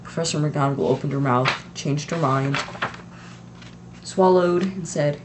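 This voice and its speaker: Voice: mid-range voice, a little slow, pauses often, slight background noise. A teenager from the United States narrating an amateur audiobook in a plain reading voice, with self-critical asides. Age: teens.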